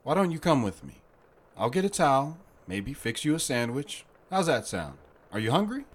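A man playing a kindly butcher who jokes gently with a lost child. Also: mid-range voice, sing-song, moderate pace, breathy edge. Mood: gentle. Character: kindly middle-aged male butcher, playful and protective. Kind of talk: radio drama acting.

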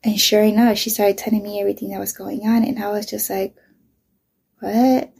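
A woman's voice: medium pitch, flat delivery, quick pace, creaky, darkish tone, husky. A middle-aged woman, a mother, candidly telling a painful personal story, swearing often and sometimes dropping to a whisper.

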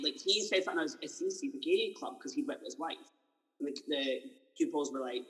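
A man's voice: a little high, brisk, fairly bright tone, in a large hall, poor audio. A man in his twenties hosting a casual chat interview, telling stories animatedly and acting out the voices of people he quotes. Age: 20s. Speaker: podcast host.

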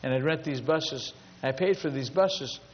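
A man's voice: mid-range voice, measured pace, husky. A man preaching a sermon as a pastor, telling stories emphatically and building long repetitive lists. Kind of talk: storytelling sermon. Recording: dull lo-fi sound with long hall reverb.

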